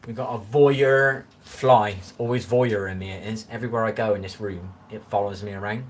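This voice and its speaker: A man in his forties hosts a casual home livestream, his strong West Country English accent clear as he rambles through viewers' comments. The voice is fairly low and steady at normal speed, with a little hiss or hum.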